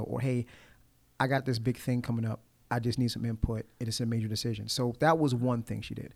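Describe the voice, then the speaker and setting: A man who talks quickly in a gravelly voice, lively and expressive. He often restarts his sentences and acts out what other people said. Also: mid-range voice. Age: adult, formerly married nine years. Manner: animated, acts out quoted lines. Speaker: guest poet. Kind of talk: casual conversation.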